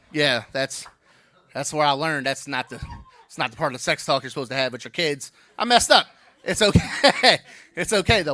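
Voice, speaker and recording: A man's voice: fairly high pitch, sharp tone, no room sound, studio quality. A man in his thirties doing a brash, playful stand-up comedy set on stage, teasing the crowd.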